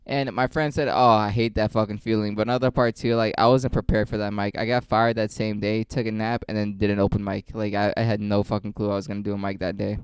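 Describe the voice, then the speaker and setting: A man's voice: on the low side, flat delivery, fast talker, few pauses, clear, resonant tone, no room sound. A young man, a stand-up comedian, rambling through a casual vlog with lots of swearing and self-mockery. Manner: rambling, profane, self-mocking.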